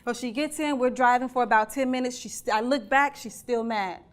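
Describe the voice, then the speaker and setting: High-voiced earnest woman giving a keynote. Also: fairly quick. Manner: earnest, animated, asks the audience questions. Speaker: keynote speaker. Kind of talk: conversational keynote talk.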